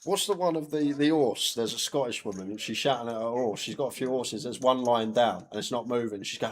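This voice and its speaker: A man commentating on a live poker event, telling stories with an animated, laughing delivery. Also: mid-range voice, quick pace, hardly any pauses, slight background noise. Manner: animated storyteller, laughs often. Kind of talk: casual live commentary banter.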